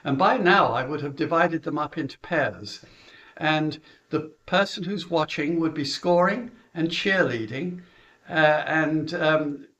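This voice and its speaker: A man's voice: fairly high pitch, measured pace, fairly bright tone, dull audio. A middle-aged British man, a golf coach, chattily recounting how he runs his junior lessons, with chuckles and filler words. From Britain.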